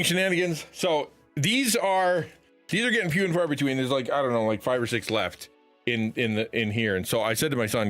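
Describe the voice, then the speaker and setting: A man's voice: medium pitch, fairly quick, fairly bright tone, faint music behind. A middle-aged man chatting casually on a live stream from his home setup, rambling with many restarts. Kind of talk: casual livestream chat.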